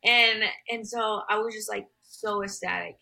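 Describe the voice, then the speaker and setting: A woman's voice: medium pitch, steady tone, unhurried, gravelly, sharp tone, poor audio. A young adult woman singer telling her story as an interview guest, rambling with many fillers.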